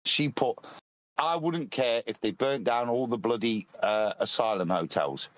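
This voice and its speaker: A man's voice: medium pitch, a little slow, no room sound, lo-fi sound. A man chatting on a live stream, laying out details in a matter-of-fact way. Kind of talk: casual live-stream chat.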